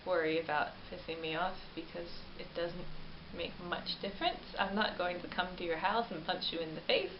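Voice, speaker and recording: A woman's voice: fairly low pitch, moderate pace, hardly any pauses. Chatty woman in a roomy, dull recording. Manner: chatty and animated, rambling with self-corrections. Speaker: vlogger. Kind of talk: casual film review chat. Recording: roomy, dull lo-fi webcam audio with faint hiss.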